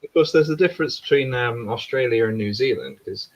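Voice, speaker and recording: A man's voice: mid-range voice, a little fast. Male host, casual chat, rambling and sweary, dull lo-fi mic. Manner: swears freely, rambling and chatty.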